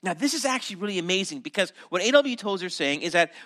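A Canadian man delivers a sermon, teaching with animated asides and the odd restart. His voice is bright and sits a little high for a man. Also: fast. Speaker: pastor.

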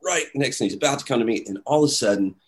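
A man telling a story in casual chat, animated, acting out the voices of the people in it. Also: mid-range voice, very fast. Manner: animated, acts out quoted voices, many "like"s.

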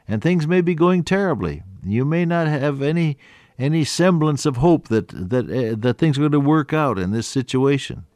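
A man preaching an earnest sermon, quoting scripture in old-fashioned wording and rising, then dropping to a hushed voice. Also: a little high, lively intonation, normal speed, no echo, studio quality. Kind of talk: radio sermon.

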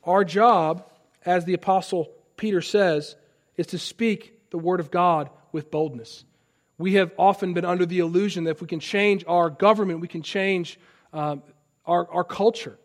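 Male pastor, high voice, sermon, builds to loud passionate peaks, then quiet asides. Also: steady tone, normal speed. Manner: impassioned preaching, swells loud on key lines; drops to soft, conversational asides.

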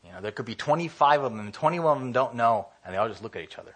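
A man's voice: medium pitch, expressive, rapid-fire. A man preaching a casual, conversational sermon, often acting out what people say and filling his talk with "you know". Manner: conversational, acts out quoted voices, many fillers.

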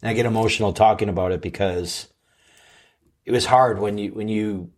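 A man's voice: on the low side, steady tone, brisk. A man hosting a life-coaching podcast, telling his own story in an earnest, emotional way with frequent halts and restarts.

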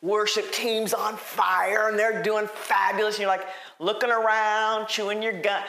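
A woman delivers a casual, emphatic sermon in a higher-pitched voice, circling back to repeat her questions. Her words carry a roomy echo around them. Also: unhurried, a little hiss or hum. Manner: animated, emphatic, repeats phrases. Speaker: preacher. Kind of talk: conversational sermon. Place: church.

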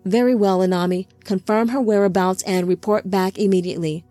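A woman's voice: medium pitch, steady tone, fairly quick, warm tone, no room sound, faint music behind, lightly acted. A woman voicing a stern, curt male angelic captain who gives orders.

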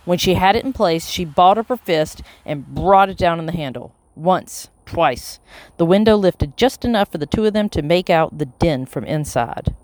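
Steady audiobook narrator, dry sound. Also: mid-range voice, moderate pace, no room sound. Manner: steady and even, with character voices. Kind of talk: scripted storybook narration.

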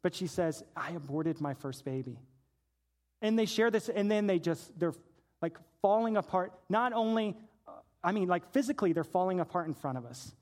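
A man preaching a sermon as a pastor, telling a story and swinging from hushed, low passages to shouted praise. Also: lively intonation, fairly quick.

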